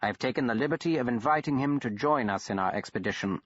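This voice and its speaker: Old gentleman scholar of monster lore, formal and grave; a male reader doing the voice, muffled dry audiobook sound. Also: mid-range voice, fast talker, dry recording, lightly acted. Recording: dull, dry studio recording.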